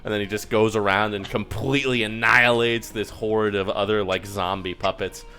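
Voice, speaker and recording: A man's voice: fairly low pitch, fairly even intonation, moderate pace, bright, forceful tone, faint music behind. A man narrating a tabletop game as game master, telling it casually with frequent "like"s and laughs. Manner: casual, laughing storyteller with many "like"s.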